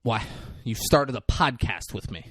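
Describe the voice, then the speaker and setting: A man's voice: medium pitch, animated, a little slow, a bit bright, breathy edge, dry recording. A young man co-hosting a podcast, casually recapping a movie in a crude, joking way and mimicking lines. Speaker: podcast co-host.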